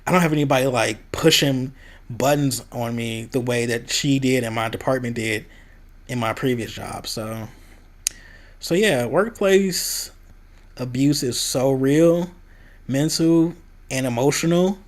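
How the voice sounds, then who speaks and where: At a measured pace and medium pitch, a young Midwestern man speaks candidly in a casual vlog, venting about a job he used to have. When he quotes other people, his voice rises.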